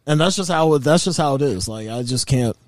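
A man in casual chat, laid-back and measured, swearing casually. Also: medium pitch, expressive, no room sound.

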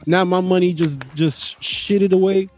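A man's voice: sits high, steady tone, moderate pace, darkish tone. A man co-hosting a podcast, joking in a brash, profane way. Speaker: podcast co-host. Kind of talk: casual chat.

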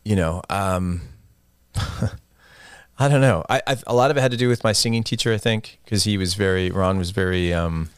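Middle-aged man, very low voice, dry close sound, casual interview guest, rambling, laughs a lot. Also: normal speed, clean tone, no echo. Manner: rambling, laughs often, self-deprecating. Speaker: guest musician.

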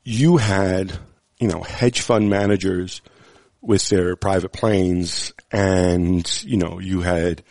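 A man's voice: low-pitched, steady tone, slow pace, darkish tone, dry recording. A man chatting as a podcast guest, thoughtful and rambling, with frequent restarts and fillers. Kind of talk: casual chat.

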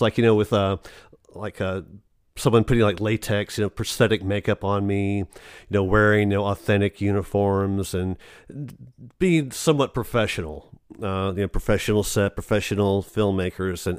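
A man's voice: fairly low pitch, normal speed, clean tone, dry recording, studio quality. A man, an actor telling stories in a casual interview, rambling with many restarts and fillers.

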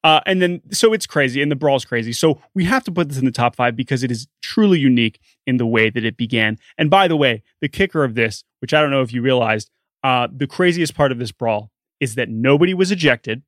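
A man co-hosting a sports podcast, telling a story in an animated, chatty way. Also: mid-range voice, brisk, dry recording. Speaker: podcast co-host. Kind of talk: casual sports podcast chat.

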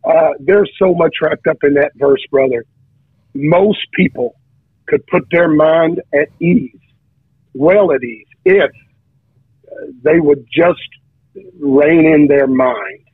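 A guest preacher slowly tells his testimony in casual speech, pausing often, restarting and stammering repeated words along the way. His husky voice is on the high side, and the tinny phone-line audio carries no room sound.

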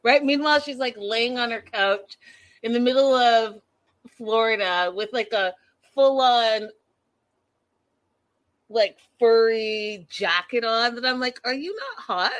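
A woman's voice: a little high, slow, pauses often, no room sound. A woman recapping reality TV in a casual, gossipy chat, talking straight to her viewers and laughing often.

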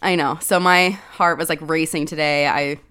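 A woman's voice: sits low, moderate pace, clean tone. A woman co-hosting a podcast in a casual chat, telling stories animatedly and acting out what people said. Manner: animated, acts out quoted dialogue, frequent "like". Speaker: podcast co-host.

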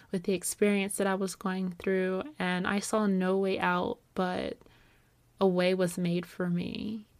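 A young woman telling a personal story to camera, animated and acting out her past reactions. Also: mid-range voice, no room sound. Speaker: video producer.

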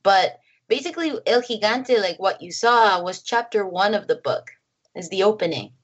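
Woman filmmaker chatting on a call, excited storyteller, kinda dull lo-fi audio. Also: mid-range voice, moderate pace. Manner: animated, acts out quotes, laughs often. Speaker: filmmaker guest. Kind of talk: casual interview chat. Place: home.

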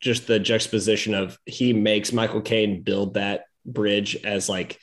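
Easygoing man with a low voice. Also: little pitch movement, measured pace. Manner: easygoing, hesitant with frequent "uh" and "you know". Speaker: podcast co-host. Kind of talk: casual movie discussion.

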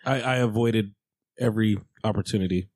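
A man co-hosting a podcast, excitable and jokey, laughing loudly. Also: fairly low pitch, brisk, no room sound. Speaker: podcast co-host. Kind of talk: casual podcast chat.

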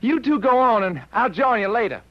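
An actor playing a joking, easygoing police lieutenant with a teasing drawl, in 1940s radio acting. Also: male voice, very high voice, animated, a little fast. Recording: dull vintage radio recording.

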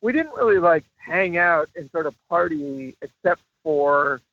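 A man's voice: fairly high pitch, expressive, unhurried, dry recording. A man guest on a call-in interview, telling rambling stories with many fillers and frequent laughs. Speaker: guest actor. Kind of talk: casual interview over a call. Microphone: phone call. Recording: tinny phone line.

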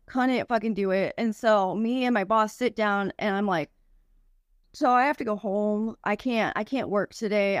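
A woman's voice: mid-range voice, no room sound, clean studio sound. A young woman, a podcast guest, tells a personal story candidly, with frequent swearing and many "like" fillers.

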